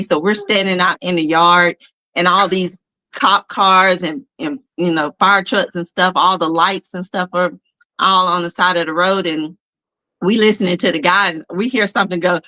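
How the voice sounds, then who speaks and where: A woman with a bright, forceful voice tells family stories on a podcast. She is animated, jumping into little impressions of crying and scolding. It is easygoing, chatty storytelling. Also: fairly low pitch, moderate pace, poor audio. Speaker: parent telling family stories. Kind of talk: casual podcast chat.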